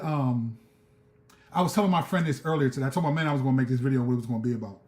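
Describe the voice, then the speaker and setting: A man's voice: medium pitch, quick pace, darkish tone, reverberant. A man hosting a live stream, reading scripture and ranting fervently in street slang, often repeating himself. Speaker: show host.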